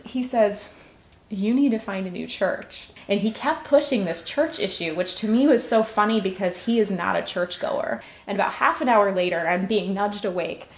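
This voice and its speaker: A woman in her thirties giving an earnest personal testimony as a church volunteer, telling her story with soft laughs. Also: mid-range voice. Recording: roomy, echoey sound.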